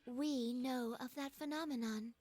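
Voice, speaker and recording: A woman voicing a calm, formal young female android who speaks politely and precisely, in a fan reading of a game script. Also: sits high, a little slow, music in the background. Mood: earnest.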